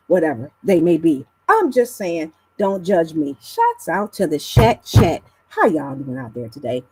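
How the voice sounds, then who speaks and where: A woman's voice: husky, dry recording, low-quality recording. A woman on a live online panel, chatting casually in a teasing, blunt way with some swearing. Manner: animated with big pitch swings. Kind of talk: casual live-stream chat.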